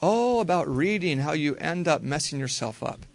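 A man teaching a group how to read the Bible, talking in a relaxed, conversational way and slowly repeating verses. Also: a little high, vocal fry. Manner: relaxed, conversational, slow careful repetition.

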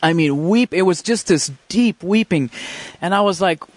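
A man telling his faith testimony in an earnest, emotional way, often restarting his sentences. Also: high voice. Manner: earnest, halting storytelling with many restarts; fervent and emotional. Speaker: speaker sharing a faith testimony. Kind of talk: personal faith testimony storytelling.

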